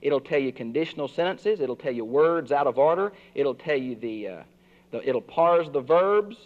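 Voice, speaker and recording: A man's voice: expressive, normal speed. Older man teaching Bible lessons. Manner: earnest teaching, swinging pitch for emphasis. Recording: dull lo-fi recording.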